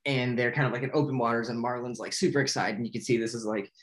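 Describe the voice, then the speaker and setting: A young man talks through a film's plot in a loose, casual way, stumbling over his words and filling gaps with "like". He keeps breaking into quick, excited bits where he acts out the characters' lines. His voice sits in an ordinary middle pitch. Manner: rambling, filler-heavy with frequent "like"; quick bursts of excited acted-out quotes. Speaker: movie recapper. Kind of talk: casual spoken movie recap.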